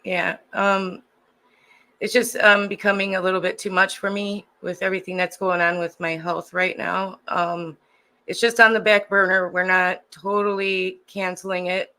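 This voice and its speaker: A woman's voice: medium pitch, level tone, moderate pace, pushed and bright, low-quality recording. A woman with a Chicago accent co-hosting a livestream, chatting casually and hesitantly with many ums. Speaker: co-host. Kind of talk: casual chat.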